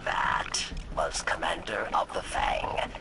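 A man putting on a gruff, deep-voiced male announcer with a gravelly, slow, mock-serious delivery. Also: big pitch swings, over loud music, heavily acted.

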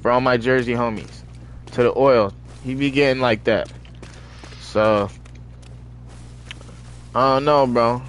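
A young man streaming a video game, chatting casually in heavy slang and telling animated stories between excited outbursts. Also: mid-range voice, measured pace, pauses often, slight background noise. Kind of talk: casual stream chat while gaming.

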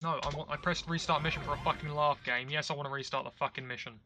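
Sweary young man gaming, slightly high voice. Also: fairly even intonation, fast, rough recording. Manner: sweary, self-mocking, yelps and groans at the game. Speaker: gaming video creator. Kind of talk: casual let's-play commentary. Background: video game music and sounds.

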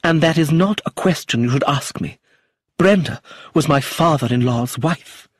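A man voicing a poised middle-aged actress who speaks slowly, calmly and theatrically, with a husky voice. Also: a little high, no room sound, studio quality, voice pushed up. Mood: indignant. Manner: slow, dignified, theatrical delivery.

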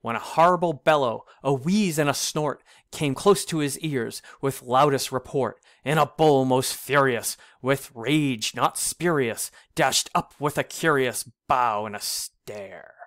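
A man reading an old rhyming storybook aloud, in a measured, sing-song delivery. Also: medium pitch, fairly bright tone, dry recording, studio quality.

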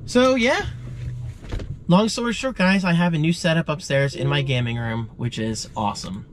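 A man's voice: a little high, normal speed. Stuffy-nosed guy rambling in a vlog from his car, bit of car hum behind. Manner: rambling, chatty, self-deprecating. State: congested. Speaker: vlogger. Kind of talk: casual vlog chat.

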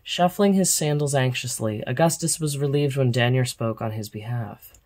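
A man reading a children's book aloud as a storyteller, with steady, expressive narration. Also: mid-range voice, moderate pace.

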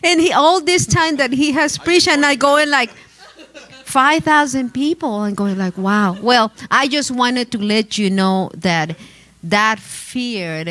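A woman shares a church testimony in a fairly high voice. She tells it in an animated way, with laughing asides and stumbling restarts. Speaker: pastor's wife and teacher.

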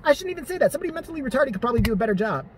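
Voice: high voice, big pitch swings, very fast, slight background noise. A vlogger ranting in profane, sarcastic, exasperated commentary.

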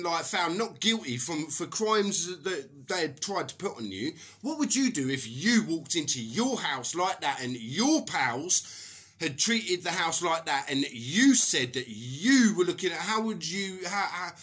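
A man's voice: a little high, lively intonation, moderate pace, fairly bright tone, husky. A middle-aged man from England, ranting angrily to camera, swearing and mocking others in put-on voices. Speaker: vlogger. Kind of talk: angry personal rant to camera.

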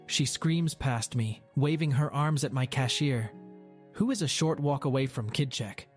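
A man's voice: mid-range voice, lively intonation, measured pace. Wry male storyteller over faint music. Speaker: store manager. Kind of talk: reading a story aloud.

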